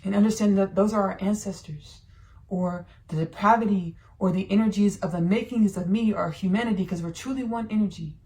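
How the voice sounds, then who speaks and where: A woman with a mid-range voice and a gravelly, fry-laced texture hosts a spiritual podcast. She speaks slowly and meditatively, drawing out her words. She moves between a channeled monologue and personal sharing. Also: mid-range voice, mellow. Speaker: podcast host.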